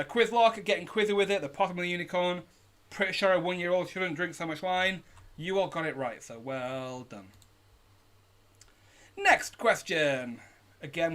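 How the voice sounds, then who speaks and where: A man's voice: fairly high pitch, fairly bright tone. A British man hosting a live online pub quiz, upbeat as he reads out questions, answer options and team names. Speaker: quiz host. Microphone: home streaming setup.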